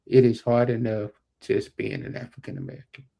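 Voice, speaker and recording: A man's voice: on the low side, wildly swooping pitch, fairly quick, creaky, dark tone. A man co-hosting a podcast, talking emphatically and repeating his points. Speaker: podcast co-host and executive producer. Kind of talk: casual podcast chat.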